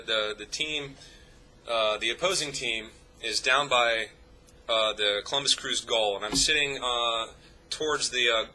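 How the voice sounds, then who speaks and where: A man's voice: mid-range voice, pushed and bright, slight background noise, low-quality recording. A young man telling a rambling, profane story to his vlog audience, full of fillers and restarts. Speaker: YouTube vlogger. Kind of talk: casual anecdote told to camera.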